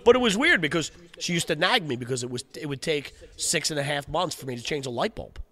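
A man in his forties hosting a casual podcast chat, telling a personal story in an animated, slangy way. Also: on the high side, fast. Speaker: podcast host.

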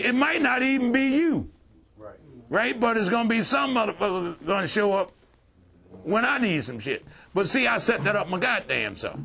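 Gravelly older man, high and bright. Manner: profane, streetwise, animated storytelling with laughter. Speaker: relapse prevention speaker. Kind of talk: storytelling talk to a group.

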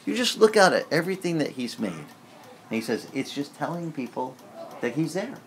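A man preaching a sermon as pastor in a church, talking in a candid, conversational way and breaking into lively acted-out prayers. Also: mid-range voice, fairly quick, a little hiss or hum.

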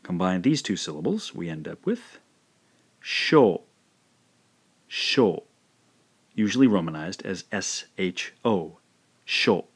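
A man's voice: deep voice, sing-song, slightly rough. A man teaching a language lesson, carefully pronouncing syllables one by one in a scripted instructional narration. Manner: slow, careful syllable-by-syllable pronunciation drills.

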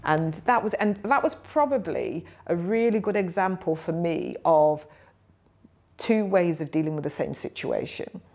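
A woman's voice: fairly low pitch, measured pace. A woman in her fifties, a nursing professor and guest, telling stories reflectively and acting out the voices she quotes. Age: 50s. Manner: animated, acts out quoted voices. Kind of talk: reflective storytelling.

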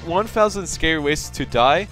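A man's voice: a little high, expressive, normal speed, music in the background. A man chatting casually with a friend while gaming, reacting and laughing easily. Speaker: gamer. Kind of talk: casual gameplay chat.

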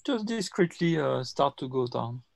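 Halting man with a gravelly voice. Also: mid-range voice, big pitch swings, darkish tone, no room sound. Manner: halting, searching for words. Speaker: player. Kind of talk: playing a tabletop game.

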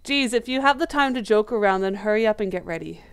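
A woman voicing a caring teenage schoolgirl girlfriend in a game, gently bossy and scolding. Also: mid-range voice, lively intonation, fast talker, a little hiss or hum, natural voice.

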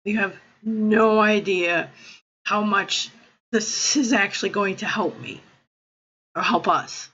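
A woman's voice: mid-range voice, slow, fairly bright tone, breathy edge, lo-fi sound. A woman live streamer, tearful and crying, talking to her viewers in breathless exclamations broken by laughter.

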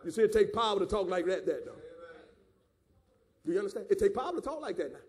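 A man with a Southern American accent preaching a fiery sermon, breaking into shouts and call-and-response with the congregation. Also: high-pitched, sing-song, quick pace. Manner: Southern preacher cadence with calls of "my God" and "do you understand". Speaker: pastor.

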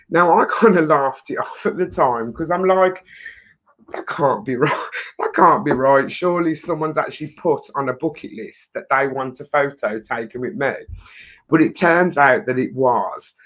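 A woman with an English accent hosting a casual live-stream chat, talkative and emotional. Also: deep voice. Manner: chatty, emotional, swears lightly. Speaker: host.

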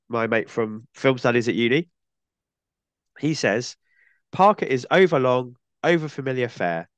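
A man's voice: mid-range voice, a bit bright, no room sound. A man hosting a film podcast with a cold, chatting casually and often ending points with tag questions. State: has a cold. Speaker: podcast host.

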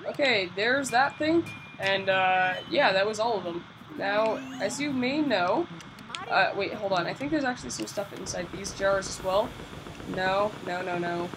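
A woman's voice: mid-range voice, background noise. Chatty woman narrating her gameplay. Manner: chatty, self-mocking, repeats "come on" under pressure. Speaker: video game let's-player. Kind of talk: casual gameplay commentary.

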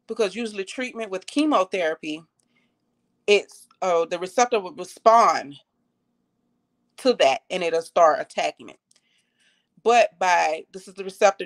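Young woman, mid-pitched voice, earnest live-stream testimony, repeats for emphasis. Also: lively intonation, moderate pace. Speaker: cancer survivor sharing her story.

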